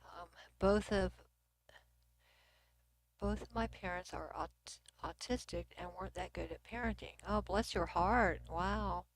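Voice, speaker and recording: A middle-aged Texan woman with a Texas accent and a mid-range, unhurried voice hosts a casual livestream from her computer, chatting with viewers and reading their comments. She sometimes drops almost to a whisper, and the recording is dry.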